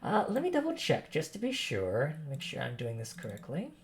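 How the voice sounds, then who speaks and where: A man narrating a tabletop game as game master, expressive and pausing often to correct himself. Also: medium pitch, husky. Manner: expressive narration with frequent self-corrections and fillers.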